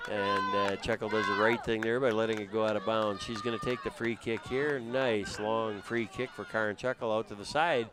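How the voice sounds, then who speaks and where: Low-voiced man calling a soccer match. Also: normal speed, hardly any pauses. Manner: steady, conversational, with frequent uh fillers. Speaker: play-by-play commentator. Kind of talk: live sports commentary. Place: outdoors at a high school soccer field. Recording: crowd noise in the background. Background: crowd noise.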